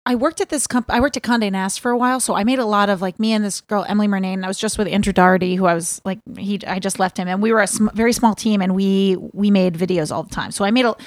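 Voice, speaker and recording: A woman's voice: medium pitch, steady tone, quick pace, hardly any pauses, dry recording, studio quality. A woman from New England, a comedian guest chatting casually in a self-deprecating way. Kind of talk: casual chat.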